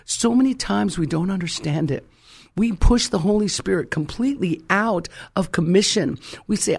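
A man's voice: sits high, animated, normal speed, vocal fry, breathy edge. A man preaching a fervent sermon, emphatic and calling out to his congregation.

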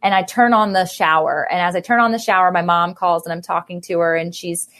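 A woman's voice: fairly low pitch, fairly even intonation, fairly quick, a bit bright. Fervent woman hosting a faith podcast. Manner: fervent, preachy and emphatic. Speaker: podcast host.

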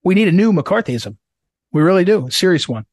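Picture a talk-show host, a middle-aged man with a fairly high voice. He speaks emphatically and hammers points home by repeating them. His voice is recorded dry and close, with no room sound. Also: sing-song, a little fast, no echo. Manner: emphatic, repetitive, drops low when reading promos. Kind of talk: political talk commentary.

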